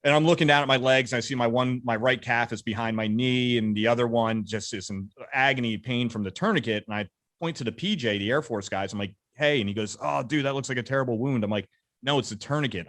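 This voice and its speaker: A man in his thirties, an interview guest telling combat stories briskly, acting out the dialogue. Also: medium pitch, a bit bright, no room sound, studio quality. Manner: brisk, vivid war storytelling with quoted dialogue. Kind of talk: casual storytelling interview.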